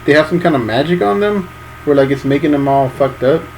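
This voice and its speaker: A man co-hosting a casual podcast, talking quickly and hedging with lots of "like". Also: a little high, distant mic, slight background noise, rough recording. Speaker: podcast co-host.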